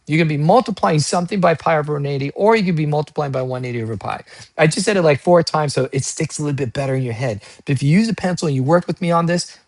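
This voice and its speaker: A man teaching an SAT math lesson, energetic and chatty, asking questions and answering them himself in casual slang. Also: a little high, creaky, no echo. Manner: energetic, asks and answers his own questions.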